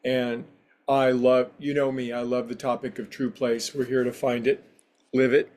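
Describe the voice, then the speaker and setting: A man's voice: medium pitch, little pitch movement, moderate pace, a little mellow. A man who teaches yoga and meditation, giving a casual spiritual talk in a rambling, anecdotal, conversational way.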